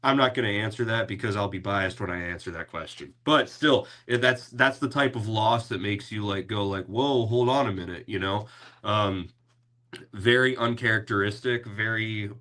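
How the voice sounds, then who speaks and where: Male host, low voice, casual sports chat, rambling, filler-heavy. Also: moderate pace, pushed and bright. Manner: rambling, with many fillers and restarts. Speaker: podcast host.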